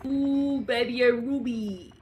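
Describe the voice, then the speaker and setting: A young woman with a fairly high voice chats casually on a gaming stream, giggling often and easily excited. She talks slowly and unhurriedly, with faint game music playing behind her. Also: rough recording. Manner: giggly, excitable, frequent laughter.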